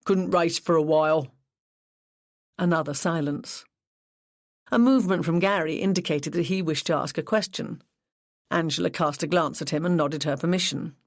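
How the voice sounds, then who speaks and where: An audiobook narrator reading a cozy mystery in an even, measured storytelling manner. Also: mid-range voice, dry recording, clean studio sound. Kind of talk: scripted narration.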